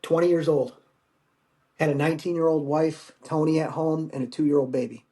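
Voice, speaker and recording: Man telling a halting war story. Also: a little high, steady tone, warm tone. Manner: halting, emotional storytelling with profanity. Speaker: podcast guest, Marine veteran. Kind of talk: personal war story in conversation.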